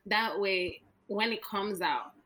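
A woman appearing as a guest on a podcast over a call, talking casually in an animated, incredulous way with many laughing questions. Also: medium pitch, takes it slowly, poor audio. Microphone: remote call.

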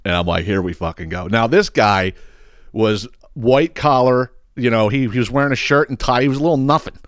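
A man's voice: mid-range voice, normal speed, clear, resonant tone, dry recording, clean studio sound. Profane, heated man telling a story. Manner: profane, heated, animated retelling with frequent restarts. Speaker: podcast host. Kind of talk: casual storytelling monologue.

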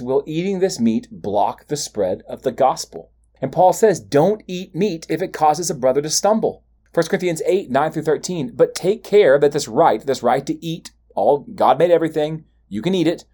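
A man with a mellow, warm voice teaches through a Bible passage. He reads the verses aloud, then explains them in plain terms, and now and then slips into quick acted-out voices to make a point. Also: mid-range voice. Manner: acts out imagined voices in quick asides.

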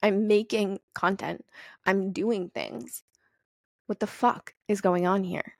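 Podcast host, young woman, candid and swearing freely, gravelly edge, dry close sound. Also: medium pitch, takes it slowly, no echo. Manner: candid, profane, animated storytelling. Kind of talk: casual solo podcast monologue.

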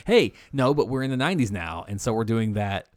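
A man's voice: medium pitch, very animated, brisk, darkish tone, dry recording, studio quality. A man co-hosting a horror podcast, chatting casually, swearing now and then and reading out the episode credits. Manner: laid-back, swears, reads out credits. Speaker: podcast co-host.

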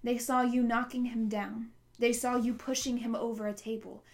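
A woman's voice: fairly high pitch, little pitch movement, moderate pace, darkish tone, close to an everyday voice. A woman reading a scornful, firm teacher. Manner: scornful, matter-of-fact.

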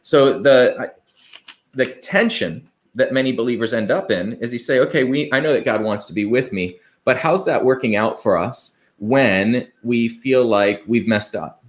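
A man's voice: mid-range voice, measured pace. A man preaching an earnest, conversational sermon, asking rhetorical questions and quoting scripture. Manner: conversational, with fillers and restarts.

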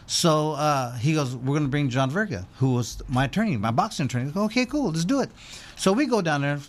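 A man's voice: a little high, expressive, fast. A former boxer telling a long rambling story as an interview guest, acting out the voices of the people he quotes.

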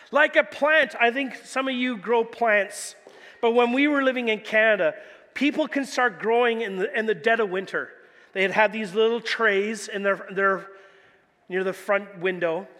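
A man's voice: high voice, bright, forceful tone, in a large hall. A man preaching a sermon as pastor, telling stories animatedly with casual fillers like "like" and "you know.". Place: church hall.

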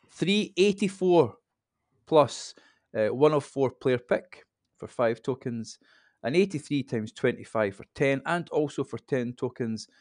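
A man in his fifties, a podcast guest, explaining things in a relaxed, rambling casual chat. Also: mid-range voice, no echo, studio quality. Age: 50s.

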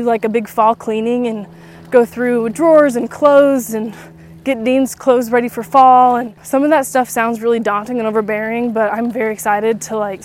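A woman's voice: fairly high pitch, slight background noise. A woman in her twenties hosting a casual podcast while walking around her neighborhood outdoors, slightly out of breath, chatty and rambling with lots of fillers. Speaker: podcast host.

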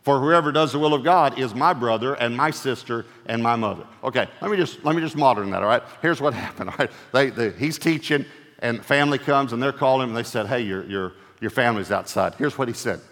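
A male pastor preaching a sermon in an animated way, acting out quoted lines in playful voices and often laughing as he talks. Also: mid-range voice, quick pace, long reverb tail.

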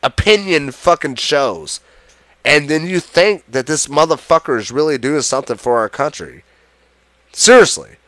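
Dude ranting mad and cussing nonstop, voice jumps all over, kinda high. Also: male voice, lively intonation, moderate pace, fairly bright tone, dry recording. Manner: profane, heated, sarcastic. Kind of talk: angry political rant.

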